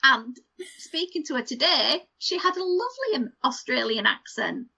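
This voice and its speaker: A woman's voice: high voice, big pitch swings, normal speed, vocal fry, pushed and bright, poor audio. A middle-aged woman co-hosting a podcast, chatting casually and savouring vivid details as she lists them. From United Kingdom. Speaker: podcast co-host. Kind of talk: casual chat.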